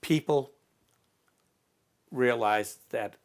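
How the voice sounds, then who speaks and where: A man in an interview, telling stories in a casual, halting way with many fillers. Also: mid-range voice. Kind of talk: casual storytelling.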